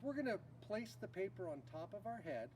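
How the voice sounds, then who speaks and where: A man with a fairly high, very lively voice leads a children's Bible school lesson, explaining a game at an unhurried pace. He is recorded from some distance, with a faint hiss underneath. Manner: slow, animated, leads shouted call-and-response. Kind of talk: teaching a game to children on video. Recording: distant mic with faint noise.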